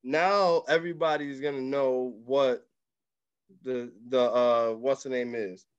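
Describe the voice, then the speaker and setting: A man's voice: medium pitch, fairly even intonation, slow pace, clear, resonant tone, lo-fi sound. A man co-hosting a casual sports podcast, blunt and offhand, running a quiz segment.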